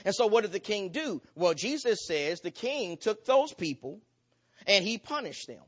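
A man's voice: high voice, very animated, moderate pace, fairly bright tone, slightly rough, muffled recording. A man preaching a sermon with an emphatic, repetitive cadence that builds in intensity.

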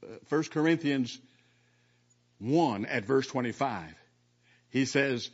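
A man preaching a sermon in an earnest, halting way, often repeating words as he reads and explains scripture. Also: mid-range voice, lively intonation, husky, lo-fi sound. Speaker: pastor.

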